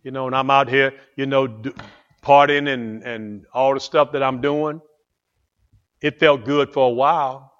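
A man preaching a fervent sermon as pastor, swinging from hushed asides to loud exclamations. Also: medium pitch, fairly even intonation, unhurried, muffled recording.

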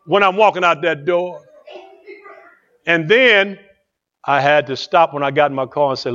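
Man, pastor, fervent sermon, fairly high voice, hushed to loud, dull lo-fi sound. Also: expressive, fairly quick. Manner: fervent preaching, swinging from hushed asides to loud exclamations.

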